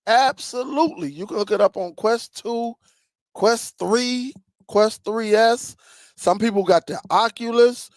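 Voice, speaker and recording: A man hosting a streaming tech channel, chatting casually with viewers and telling stories in an animated way, laughing and repeating himself. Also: high-pitched, takes it slowly, no room sound, studio quality.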